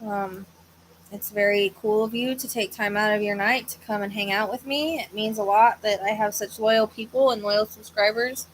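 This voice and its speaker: A woman's voice: medium pitch, fairly even intonation, moderate pace, slight background noise, rough recording. A woman hosting a psychic livestream, chatting casually in a tired, hesitant, rambling way with many fillers, yawning at times. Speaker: psychic medium livestream host. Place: at home with a fan running.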